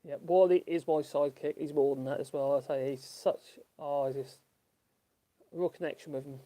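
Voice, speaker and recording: A man's voice: on the high side, steady tone, normal speed, warm tone. Rambling man chatting while carving. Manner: rambling, chuckles, talks to himself. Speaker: woodworking channel host. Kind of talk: casual chat while working.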